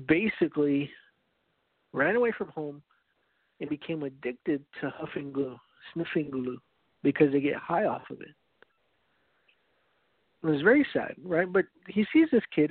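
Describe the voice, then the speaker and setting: A man's voice: on the high side, animated, normal speed, pauses often, no echo. A man giving an earnest evangelistic teaching, telling a story with frequent restarts. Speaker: preacher. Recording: dry, phone-like narrow sound.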